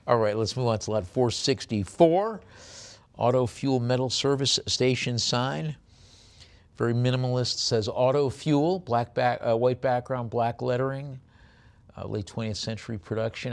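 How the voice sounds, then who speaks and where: A man working as an auctioneer, calling bids quickly and dropping into chatty asides between lots. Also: mid-range voice, creaky.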